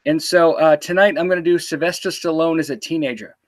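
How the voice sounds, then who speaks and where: A man's voice: fairly high pitch, brisk. A man hosting a casual live-stream chat on a video call, playful and teasing his guest. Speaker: host.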